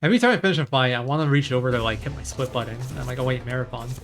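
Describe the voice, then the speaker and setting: A man narrates his own speedrun live, in a relaxed and chatty way, thinking aloud as he plays. His voice sits at a middle pitch. Game music plays clearly underneath. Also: rapid-fire. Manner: casual, chatty, thinking aloud while playing.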